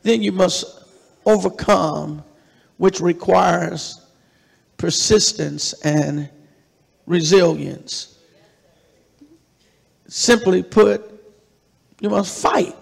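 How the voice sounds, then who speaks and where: Male pastor, high raspy voice, unhurried preaching, live church echo. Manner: preaching with call-and-response, rising to shouts. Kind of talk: sermon. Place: church sanctuary. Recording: live church hall reverb with congregation.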